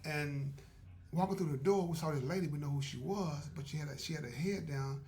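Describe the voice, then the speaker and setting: Male podcast host, casual storyteller, slightly high gravelly voice, laughs a lot. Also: fairly quick, a little mellow, a little hiss or hum. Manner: chatty, laughs often, acts out quotes.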